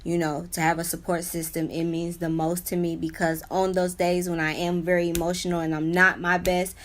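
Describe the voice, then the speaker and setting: A young woman speaks in a low, fairly level voice, sharing her experience in an unscripted personal vlog. She rambles earnestly, leaning on "you know" and "like" as she goes. Her delivery stays plain and conversational. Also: little pitch movement, brisk. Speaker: vlogger sharing her own illness.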